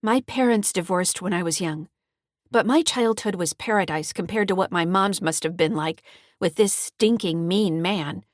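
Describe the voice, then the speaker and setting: A woman author reading her own mystery thriller as an audiobook, telling it in a steady, clear way. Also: lowish voice, normal speed, dry recording, clean studio sound. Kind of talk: scripted audiobook narration.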